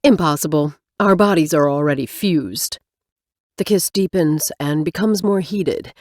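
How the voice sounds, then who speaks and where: A woman narrating a romance audiobook in first person, expressive with wry asides. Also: low voice, measured pace, no room sound, clean studio sound.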